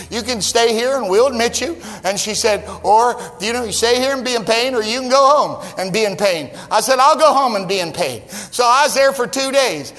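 A middle-aged male pastor preaching, telling a personal story and building to loud, emphatic declarations. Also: very high voice, long reverb tail. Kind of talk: sermon.

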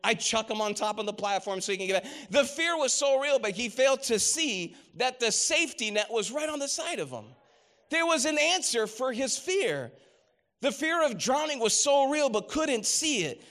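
High-voiced male preacher telling stories. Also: sing-song, moderate pace, bright, forceful tone. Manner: storytelling with rising emphasis, quoting scripture. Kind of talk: sermon.

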